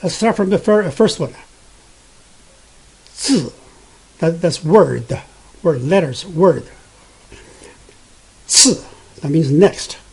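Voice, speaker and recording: A man whose first language is Mandarin Chinese, teaching Mandarin pronunciation patiently, repeating each sound many times with frequent pauses. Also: fairly high pitch, lively intonation, vocal fry, a little mellow, husky, low-quality recording. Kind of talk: pronunciation lesson.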